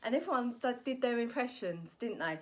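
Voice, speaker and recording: A woman's voice: a little high, animated, a little fast. A woman, a comedian delivering a rambling comic monologue and correcting herself as she goes. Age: 40s. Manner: rambling, cheeky, self-correcting.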